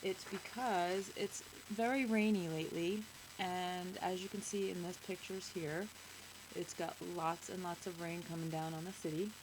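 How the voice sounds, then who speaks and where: A woman's voice: lowish voice, fairly even intonation, normal speed, noisy background. A woman hosting a children's show, reading a picture book aloud and chatting with kids, asking them questions.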